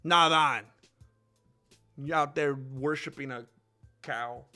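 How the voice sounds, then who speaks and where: A man's voice: on the high side, lively intonation, normal speed, fairly bright tone, faint music behind. A man hosting a casual livestream, rambling and talking back to chat comments. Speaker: channel host.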